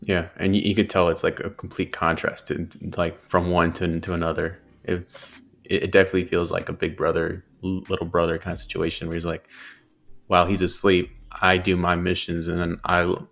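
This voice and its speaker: A man co-hosting a podcast, talking casually and haltingly and repeating words as he goes. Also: deep voice, monotone, gravelly, a bit bright. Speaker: podcast co-host. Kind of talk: casual chat.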